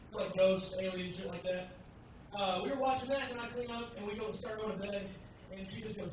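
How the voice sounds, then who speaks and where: A stand-up comic with a fairly high voice works the room on a club stage, crude and brash. He is from Tennessee and throws quick asides to the crowd. The sound comes from far off in an echoey club, with steady noise underneath. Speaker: stand-up comedian. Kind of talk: stand-up comedy set.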